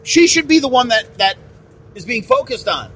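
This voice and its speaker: Speaking at normal speed with an extremely high, slightly bright voice, a man rants on his podcast, very animated. It's a blunt, indignant opinion monologue with swearing and repetition, recorded on a phone with a bit of hiss or hum.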